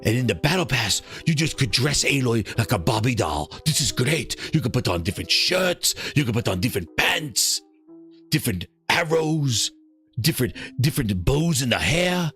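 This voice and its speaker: A man putting on a pompous male action-hero voice, deep and slow with a heavy put-on accent, pitching a game idea over and over. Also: sing-song, fairly bright tone, soft background music. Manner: pompous, repetitive.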